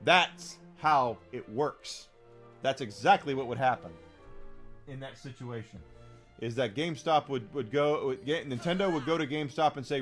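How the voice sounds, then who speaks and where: A man's voice: mid-range voice, normal speed, a bit bright, faint music behind. A man streaming a game who rants casually to his chat, emphatic and profane, repeating phrases for stress.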